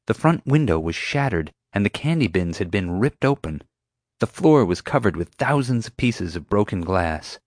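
A man narrating an audiobook with expressive, storytelling delivery. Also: on the low side, moderate pace, no echo, studio quality.

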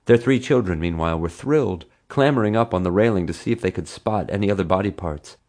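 Deep voiced guy reading an audiobook chapter, dry storytelling. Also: quick pace, a little mellow. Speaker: audiobook narrator. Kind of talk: scripted narration.

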